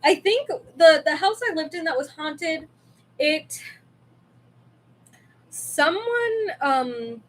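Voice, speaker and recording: A woman's voice: sits high, a bit bright, slight background noise. A young woman from California chatting casually and rambling with lots of fillers while hosting a crafting livestream from home on a desk mic. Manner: rambling and chatty, with many fillers and self-asides. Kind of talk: casual live-stream chat. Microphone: desk mic with webcam.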